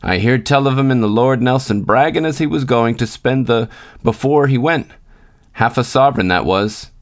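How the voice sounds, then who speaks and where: A man's voice: medium pitch, moderate pace, lightly acted. A man voicing a cheery, hearty older engine driver in a storybook reading, with a coaxing manner. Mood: gossipy.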